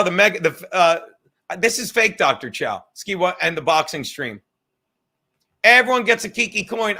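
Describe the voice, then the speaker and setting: A man with a high, bright voice rants and swears as he hosts a rambling live stream, calling out chatters by name. He sounds loose and a little drunk, going from sarcastic jabs to preachy lectures without a break. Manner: profane, ranting, sarcastic, addresses chatters by name. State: says he is drunk. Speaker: podcast host reading live chat.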